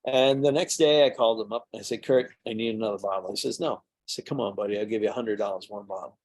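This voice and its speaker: A middle-aged mead maker tells rambling anecdotes at a tasting, casual storytelling full of fillers and restarts. He talks fast in a lowish voice with a darkish tone.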